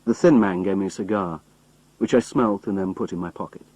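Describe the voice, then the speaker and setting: A man narrating a simplified novel in a plain, measured storytelling manner. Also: sits low, darkish tone, no echo, rough recording. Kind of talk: reading a simplified novel aloud.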